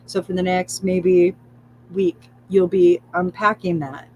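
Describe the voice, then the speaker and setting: A woman leads her live spiritual session in a calm, coaxing voice, repeating soft affirmations in a steady chant. She drops casual curses into the guidance. A faint hum sits under the recording. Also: lowish voice, slow pace, dull audio. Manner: soothing, repetitive affirmations with swearing and laughter. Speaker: spiritual livestream host.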